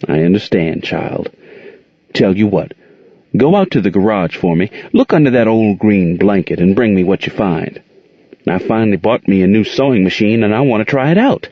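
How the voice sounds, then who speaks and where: A man voices a patient older aunt soothing her young nephew, using a low, husky, soft, gentle voice that is animated but at normal speed, and calling him child. The recording is dull and close-miked, with no room sound.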